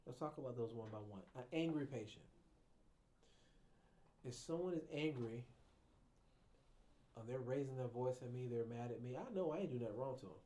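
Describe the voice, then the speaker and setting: A man's voice: mid-range voice, mellow. A man who works as a clinician, teaching trainees how to interview patients in an informal, colloquial, conversational lecture.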